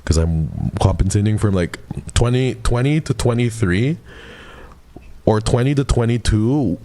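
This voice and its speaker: A man's voice: on the low side, unhurried, warm tone, dry recording. A man in his twenties, a streamer casually chatting with his viewers and playfully teasing them with mock outrage. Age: 20s.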